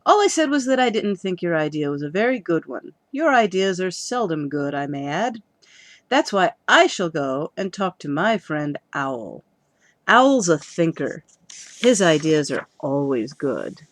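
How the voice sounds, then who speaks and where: A woman's voice: lowish voice, sing-song, measured pace, no echo, studio quality. A woman voicing a pompous, evasive husband crow in a storybook reading, huffy and self-important.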